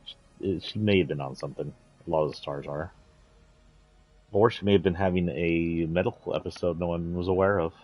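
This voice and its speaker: A low, husky male voice chatting casually as he streams a video game. He rambles in an offhand way and swears now and then. Faint music sits under his talk. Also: fairly even intonation, fairly quick, muffled recording. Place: indoors, playing a video game.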